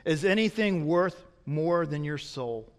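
A man preaching a sermon as a pastor, swinging from loud emphatic peaks to quiet, low asides. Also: lively intonation, a little slow, long reverb tail.

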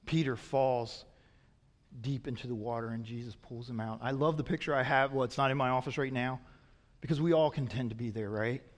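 A man preaching a sermon as a pastor, swinging from loud emphatic peaks to quiet, low asides. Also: brisk, in a large hall.

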